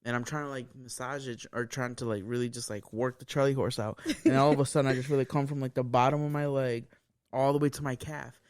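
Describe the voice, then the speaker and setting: A mid-pitched man co-hosting a podcast, telling a story in casual conversation. He is animated and profane, and keeps chuckling through his own story. He sits close to a dry, deadened mic. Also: fast talker, clear, resonant tone, dry recording. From United States. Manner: animated, swears a lot, laughs while telling stories. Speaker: podcast co-host.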